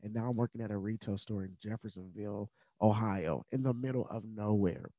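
A man speaks as a podcast guest, sharing his story in an earnest, candid and casual way. His voice sits low with a warm, mellow tone. The recording is dry and close. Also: fairly quick, no room sound. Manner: earnest, candid, at times emotional; conversational with fillers like uh and like. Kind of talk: personal storytelling in conversation.

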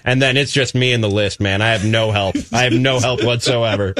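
A man's voice: mid-range voice, steady tone, a little fast, fairly bright tone, no room sound. A man on a radio show sharing a story in a friendly, earnest, casual way.

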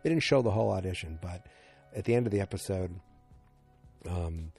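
Man with a low, husky, mellow voice; loose, rambling episode recap. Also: brisk, soft background music. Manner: rambling, full of fillers and restarts.

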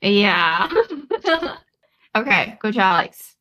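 Woman host, slow and bright, reads quiz quotes, laughs easily. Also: mid-range voice, very animated. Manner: laughs often while reading quotes. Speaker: podcast host running a quote game. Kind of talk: casual chat, reading quotes aloud.

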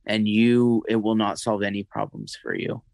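A man's voice: fairly low pitch, very animated, vocal fry, darkish tone, no room sound, poor audio. Man telling a personal story, close and dry. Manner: halting, emotional, many restarts and fillers. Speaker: interview guest.

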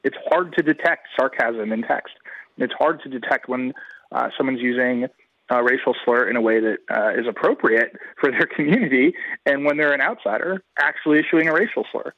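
A man's voice: medium pitch, no echo. A man giving a guest commentary in a radio interview, analytical and emphatic, talking in long runs. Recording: dull lo-fi radio line.

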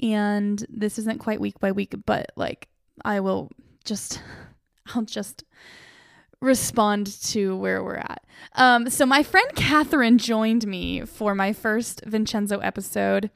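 A young woman hosting a casual solo podcast, excitable and self-mocking, laughing often as she reacts. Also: medium pitch, takes it slowly, gravelly, no echo, studio quality. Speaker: podcast host.

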